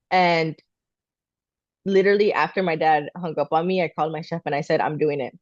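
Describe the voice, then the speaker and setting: This thirtysomething podcast co-host shares a personal story in a casual way, animatedly voicing her family's quoted words. She speaks briskly in a low voice, with no room sound and a lo-fi quality.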